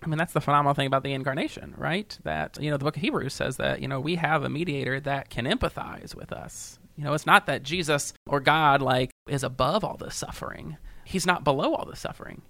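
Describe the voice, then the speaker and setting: A man's voice: on the high side, brisk, creaky, few pauses, bright, forceful tone, no echo. A male pastor talking earnestly and emotionally in a podcast discussion, building up to a preaching tone at times.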